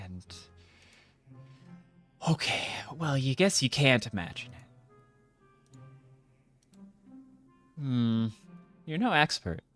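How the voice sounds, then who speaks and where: A woman's voice: very deep voice, a bit bright. A woman playing a video game and reading its text aloud, with playful, jokey, mock-dramatic asides.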